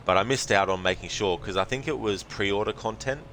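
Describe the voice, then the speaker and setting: An Australian man streams a game and chats casually with his viewers. He speaks in a low voice, relaxed and loose, with plenty of fillers, and faint noise sits underneath. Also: a little fast. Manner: relaxed, chatty, many fillers. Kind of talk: casual gaming commentary.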